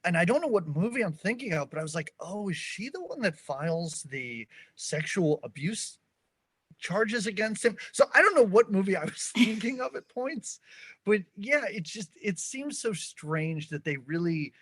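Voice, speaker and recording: Man, college professor, lively pitch, dry close sound, casual podcast chat. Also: moderate pace, husky, dry recording. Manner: animated, laughing, mock-outraged. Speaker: guest podcast host.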